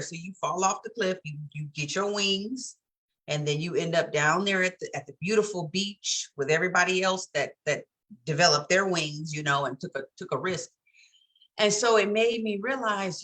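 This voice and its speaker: Bright-voiced woman in candid chat. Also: medium pitch, animated, normal speed. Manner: candid, storytelling, laughs often. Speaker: co-host. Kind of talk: casual chat.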